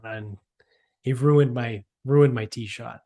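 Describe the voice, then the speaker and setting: Man, casual podcast chat, profane rambling, average pitch. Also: slow, mellow. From Boston area. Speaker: podcast co-host.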